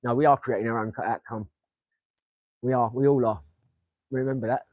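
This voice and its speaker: A man's voice: medium pitch, fairly even intonation, moderate pace, no echo, phone-quality sound. A young man with an Essex accent chatting to viewers on a casual livestream, rambling, swearing and throwing darts as he talks. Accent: Essex English. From England. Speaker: livestream host. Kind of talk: casual motivational livestream chat.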